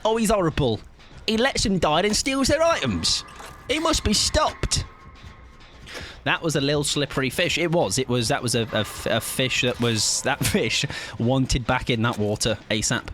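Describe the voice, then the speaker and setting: A man's voice: medium pitch, expressive, normal speed, fairly bright tone, a little hiss or hum. A young man streaming a game live, chatting to viewers in a playful, rambling, jokey way. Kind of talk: casual live-stream chat while gaming.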